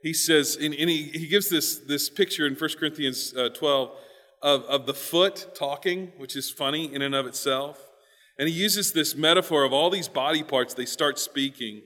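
Long hall reverb surrounds a male pastor's emphatic sermon, where he repeats words and shifts between quiet remarks and loud emphasis. His voice is a little high, and he keeps a moderate pace.

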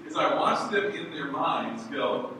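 A middle-aged pastor with a voice on the high side preaches a sermon in a church hall, speaking a little slowly. He tells stories in an animated way and acts out other people's voices. The recording is noisy and sounds far off in an echoey hall.

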